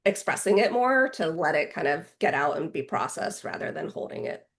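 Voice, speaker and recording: A woman's voice: low-pitched, lively intonation, moderate pace. A woman hosting a podcast interview, affirming her guest often and asking open questions. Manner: warm affirming, frequent agreement. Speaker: podcast host.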